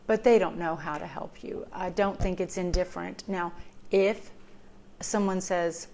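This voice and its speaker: A woman's voice: lowish voice, steady tone, measured pace, a little mellow, a little hiss or hum. Earnest emotional woman giving advice. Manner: earnest and emotional, many "um"s, repeats phrases for emphasis. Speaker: vlogger sharing recovery advice. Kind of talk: heartfelt personal talk to camera.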